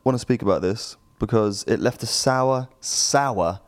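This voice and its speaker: A young man co-hosting a casual podcast, telling jokey, rambling stories in an animated way. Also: lowish voice, measured pace. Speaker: podcast co-host. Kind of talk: casual chat.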